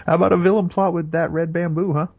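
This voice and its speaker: A man's voice: a little high, flat delivery, fast, creaky, slightly rough, phone-quality sound. A man co-hosting a casual movie podcast, tossing out dry jokes with some swearing. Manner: dry jokey asides, swearing. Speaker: podcast co-host.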